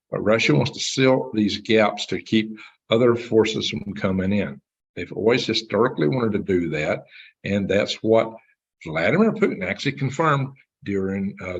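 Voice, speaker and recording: A man's voice: on the low side, slightly rough. A man hosting a live stream, rambling through commentary and reading chat messages aloud. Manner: rambling, reads chat aloud, chuckles at himself. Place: home computer setup. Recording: dull lo-fi stream audio.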